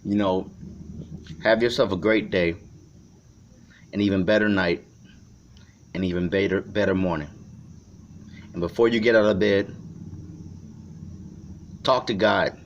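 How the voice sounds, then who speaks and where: A man from Chicago talking to the camera in an unscripted vlog. He rambles and swears, swinging between shouting and quiet reflection. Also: low-pitched, steady tone, unhurried, long pauses, a little hiss or hum. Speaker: vlogger. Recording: dull lo-fi recording.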